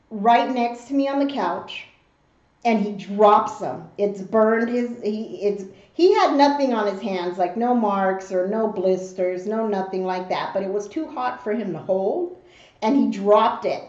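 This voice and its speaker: A woman's voice: medium pitch, unhurried. A woman hosting an eating show and telling a story, acting out the voices of the people in it. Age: adult mother. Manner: animated storyteller who acts out the voices in her story. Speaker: mukbang host. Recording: roomy, slightly dull home recording.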